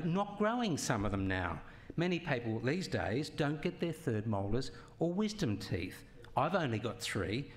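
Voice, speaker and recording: Man, comic debater, playful, animated intonation. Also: medium pitch. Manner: playful, rhetorical, jokey. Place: stage at a science festival debate.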